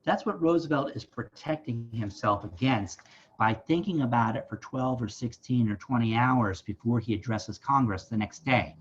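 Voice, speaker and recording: A man's voice: mid-range voice, moderate pace, muffled recording, a little hiss or hum. A man giving a virtual history lesson at a library site, talking conversationally and often checking in with his listeners. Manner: conversational, often asks "right?". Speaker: museum educator. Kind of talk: virtual site visit talk.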